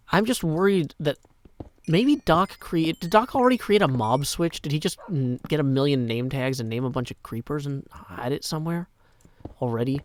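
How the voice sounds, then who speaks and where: Middle-aged male streamer, casual game commentary, hushed muttering asides. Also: fairly high pitch, expressive, moderate pace. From Nashville, Tennessee. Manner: chatty, self-deprecating, often drops to a hushed mutter. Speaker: gaming streamer. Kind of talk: casual live gameplay commentary.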